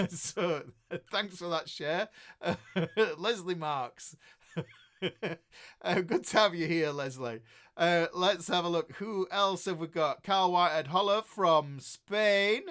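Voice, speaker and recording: A man's voice: sits high, takes it slowly, a bit bright. A man in his fifties with a Northern English accent, a guitar teacher chatting casually on a live stream as he reads out viewers' comments, rambling with many restarts and chuckles. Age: 50s.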